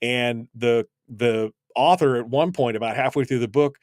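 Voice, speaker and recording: Recorded with studio clarity and no echo, this radio show host and voice actor speaks in a mid-range voice at a moderate pace. His casual interview chat is loose, with frequent fillers and false starts.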